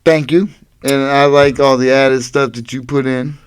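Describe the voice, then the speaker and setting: A man's voice: medium pitch, little pitch movement, moderate pace, clean tone, no echo. A laid-back man with an Erie accent co-hosting a casual podcast, teasing and mumbling a little. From Erie, Pennsylvania. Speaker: podcast co-host. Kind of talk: casual chat.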